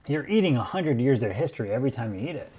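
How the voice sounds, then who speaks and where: Male podcast host, measured storyteller, mid-pitched voice. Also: big pitch swings, warm tone, breathy edge. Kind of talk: scripted explainer podcast.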